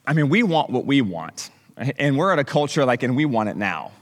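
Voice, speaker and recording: A middle-aged man preaching a sermon as pastor, conversational and animated, with humorous asides to the congregation. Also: medium pitch, brisk, long reverb tail.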